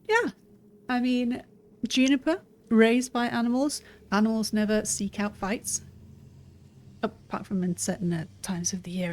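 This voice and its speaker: Here a woman streamer offers relaxed let's-play commentary on a fantasy game, voicing the dialogue choices aloud as she goes. She speaks at medium pitch and a normal speed, and the recording carries a faint background noise.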